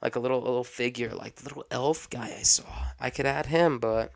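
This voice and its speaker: A young man hosting a casual solo podcast, rambling off the cuff and stopping now and then to cough and clear his throat. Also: medium pitch, fairly quick, hardly any pauses. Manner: rambling, unscripted, self-interrupting. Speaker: podcast host.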